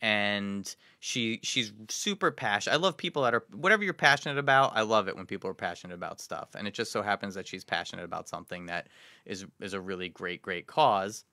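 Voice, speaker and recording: Male podcast co-host, low bright voice, dry close sound, rambling chat. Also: brisk, dry recording. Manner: rambling, many restarts, trails off quietly. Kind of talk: casual chat.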